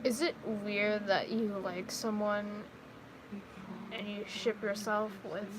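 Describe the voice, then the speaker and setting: A woman's voice: medium pitch, flat delivery, takes it slowly. A teenage girl streaming, chatting in a rambling, emotional way with lots of "like.". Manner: rambling, emotional, heavy use of "like". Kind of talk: casual livestream chat. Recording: loud background noise, passing vehicles.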